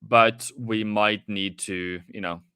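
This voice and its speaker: Guy rambling thru live market talk, kinda breathless, bright voice, dry close mic. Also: fairly low pitch, fairly even intonation, slow pace, smooth, no room sound. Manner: rambling, chatty, with restarts and asides to viewers. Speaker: trading livestream host. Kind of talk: casual live market commentary.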